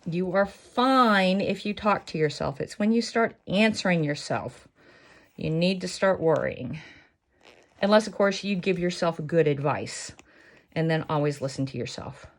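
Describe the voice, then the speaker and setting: In a casual, chatty craft tutorial, a woman with a fairly low, expressive voice takes her time while sewing. She rambles as she works, tossing in jokey asides and poking fun at herself.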